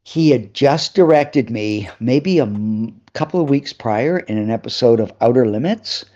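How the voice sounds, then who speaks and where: Man, animated storyteller, plays out other voices, mid pitch, slightly dull lo-fi sound. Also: a little slow. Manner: lively anecdotes, acting out other people's voices. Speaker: actor and interview guest. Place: live video call.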